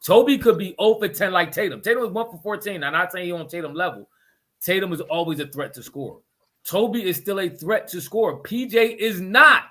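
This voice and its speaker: Fairly quick and lively in intonation, this man's voice sits high. Co-hosting a podcast, he argues basketball hotly, taking it point by point, pressing emphatically and frequently laughing.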